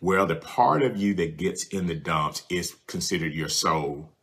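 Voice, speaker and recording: A man's voice: sits low, animated, measured pace, a bit bright, husky. A man preaching a sermon, earnest and repetitive, speaking straight to the listener. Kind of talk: sermon with prayer ministry.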